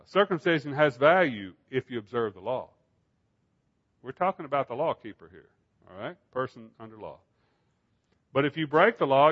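A man's voice: medium pitch, highs cut off. A man preaching a Bible study sermon in an emphatic style, asking rhetorical questions.

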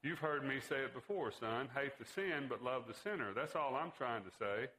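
A man's voice: mid-range voice, animated, normal speed, bright, forceful tone, rough recording. A man voicing a middle-aged father who defends his views with bluster in a read-aloud story. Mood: defensive.

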